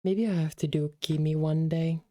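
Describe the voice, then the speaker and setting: Low, mellow-voiced woman streamer. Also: steady tone, normal speed, dry recording, clean studio sound. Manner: chatty and affectionate, calls the chat darlings. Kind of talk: casual livestream chat while reading a game.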